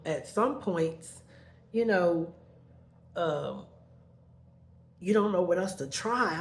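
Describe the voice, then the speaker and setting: Slow-talking emotional middle-aged woman. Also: fairly low pitch, darkish tone, slight background noise. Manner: halting, repeats her words, emotional. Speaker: storyteller. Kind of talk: personal storytelling to camera.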